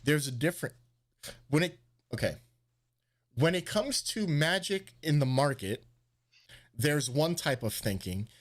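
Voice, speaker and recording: A man hosting a livestream, telling profane, animated stories and acting out the dialogue. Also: mid-range voice. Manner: animated, profane, acts out dialogue, laughs often. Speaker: livestream host. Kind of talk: casual storytelling chat.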